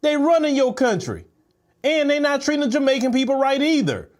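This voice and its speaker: A man with a high, very lively voice delivers heated reaction commentary. He lectures with indignation, leaping up in pitch for accusations and dropping low for scornful asides. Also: a little fast. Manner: indignant, lecturing, swings between high exclamations and low growls.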